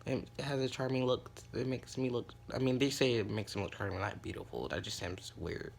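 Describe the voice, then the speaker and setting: A man's voice: mid-range voice, steady tone, brisk, vocal fry, slight background noise. A man casually retelling a fan story, rambling with lots of fillers and jumping into character voices.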